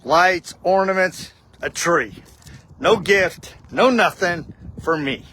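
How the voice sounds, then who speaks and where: Man, high voice, slow unhurried pace, casual heartfelt storytelling, says dude a lot. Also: sharp tone, a little hiss or hum. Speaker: vlogger. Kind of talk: personal storytelling with a faith reflection.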